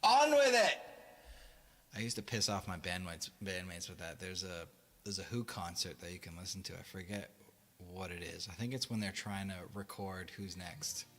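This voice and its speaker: A man's voice: low voice, fairly even intonation, normal speed, a bit bright, big-room sound. A man hosting a casual live stream as a musician. He rambles, swears a lot and laughs between his lines.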